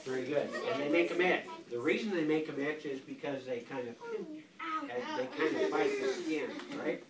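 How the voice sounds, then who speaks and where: Heard from a distant mic over a noisy crowd of children, a grandfather with a higher-pitched voice reads a picture book at a normal pace. He's an older guest reader in an echoey classroom, animated and playful, often stopping to ask the class questions.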